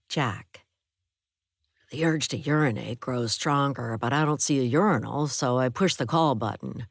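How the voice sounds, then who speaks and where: A woman with a low voice reading an audiobook aloud. She narrates steadily in the first person. The sound is close and dry. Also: no room sound.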